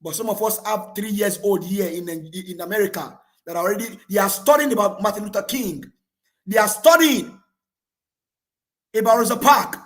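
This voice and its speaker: A man's voice: high voice, moderate pace. A man in his thirties with a Nigerian accent, calling in with fervent, repetitive political commentary. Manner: fervent, repetitive, rising to shouts. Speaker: caller.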